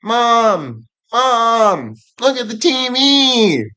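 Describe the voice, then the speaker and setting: A man voicing an excited little girl who keeps repeating herself as she squeals about the TV. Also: very high-pitched, drawn-out words, clear, resonant tone, pitched above the performer's own voice, heavily acted. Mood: thrilled.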